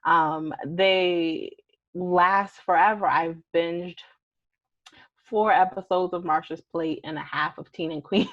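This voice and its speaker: A woman's voice: fairly low pitch, steady tone, takes it slowly, fairly bright tone, no echo, dull audio. A woman podcast co-host doing a chatty, enthusiastic sponsor read and repeating words as she talks.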